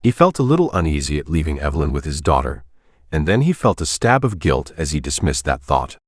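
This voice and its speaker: Very deep-voiced male audiobook narrator. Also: very animated, brisk, no room sound, studio quality. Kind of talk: scripted narration.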